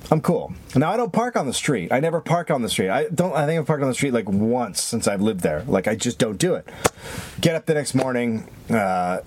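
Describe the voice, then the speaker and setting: A man co-hosting a podcast, telling a long, rambling story in casual chat, animated and swearing constantly. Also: fairly low pitch, slight background noise. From lives in Los Angeles. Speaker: podcast co-host.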